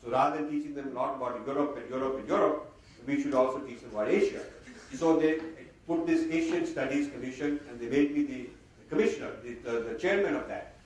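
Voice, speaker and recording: A man giving a lively, sardonic talk to an audience, slipping Hindi phrases into his English. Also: medium pitch, quick pace. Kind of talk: lecture to an audience. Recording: very echoey hall, mic far off, faint noise.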